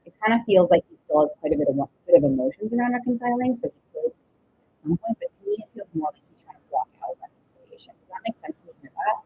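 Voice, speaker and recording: A woman doing a live-stream tarot reading, chatty, with breathy pauses and drawn-out exclamations. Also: fairly high pitch, very animated. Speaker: tarot reader. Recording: dull lo-fi stream audio with faint noise.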